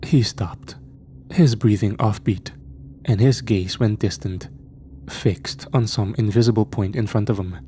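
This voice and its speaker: A man narrating a scripted horror story at a slow, measured pace. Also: on the low side, warm tone, a little hiss or hum. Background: faint music.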